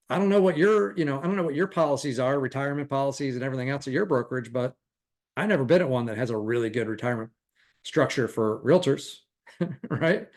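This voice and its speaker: A middle-aged man teaching a real estate recruiting class in a casual, animated way, often playing out conversations. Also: medium pitch, creaky. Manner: animated, acts out quoted conversations, chuckles often.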